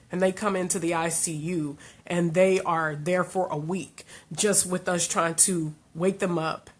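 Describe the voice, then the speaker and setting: A woman speaking to camera as a life coach, sharing a personal story in an earnest, heartfelt way. Her usual voice sits fairly low, but it jumps up high when she gets frustrated or upset. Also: fairly bright tone. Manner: emotional, voice rising high when reliving frustration.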